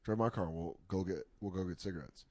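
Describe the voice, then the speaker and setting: A man's voice: low-pitched, fast talker, a little mellow, no room sound. A man co-hosting a podcast, telling crude, rambling stories in casual banter and acting out the quotes. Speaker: podcast co-host.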